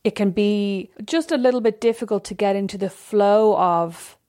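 A woman, co-hosting a podcast in casual chat and telling stories in a lively way, often acting out what people said. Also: mid-range voice, normal speed. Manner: chatty, animated storytelling with quoted asides. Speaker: podcast co-host.

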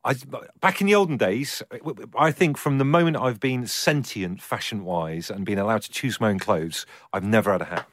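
A man's voice: fairly low pitch, normal speed, hardly any pauses, dry recording, clean studio sound. Easygoing, wry man co-host. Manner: easygoing, wry, reads out facts. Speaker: podcast co-host. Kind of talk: casual chat.

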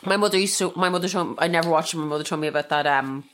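A young Irish woman co-hosting a podcast in casual chat, reacting quickly to her friend's stories. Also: low voice, a bit bright, a little hiss or hum. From Ireland. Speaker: podcast co-host.

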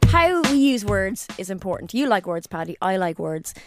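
A middle-aged Irish woman co-hosting a podcast, telling stories in an animated, chatty way. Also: mid-range voice, moderate pace, over loud music. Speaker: podcast co-host. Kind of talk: casual chat.

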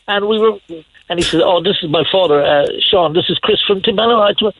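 A man's voice: on the high side, expressive, normal speed, vocal fry, slightly rough, no echo, phone-quality sound. A man calling in to a radio show, rambling through anecdotes with lots of restarts and chuckles. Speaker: caller. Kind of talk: casual anecdotes on a radio phone-in.

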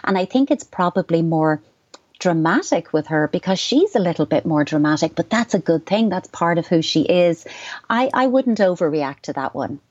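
A middle-aged Irish woman with a low voice gives calm, explanatory parenting advice. The sound is dull and dry, like a radio studio. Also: dry recording. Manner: measured, reassuring, explanatory. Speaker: child psychotherapist guest.

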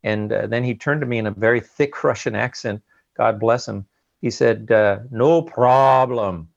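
Gravelly man, halting and earnest. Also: lowish voice, steady tone, no room sound, highs cut off. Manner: halting, earnest, repeats words. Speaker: guest recounting a submersible ordeal. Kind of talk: emotional interview account.

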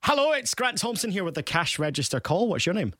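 A man's voice: high-pitched, very animated, fast talker, fairly bright tone. A man hosting a radio phone-in contest, upbeat and teasing. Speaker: radio host.

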